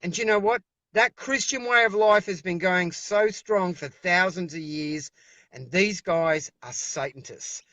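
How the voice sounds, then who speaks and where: A man's voice: high voice, unhurried, pushed and bright, dry recording, highs cut off. An Australian man speaking over a video call as an interview guest, giving fiery, emphatic political talk and repeating himself when worked up.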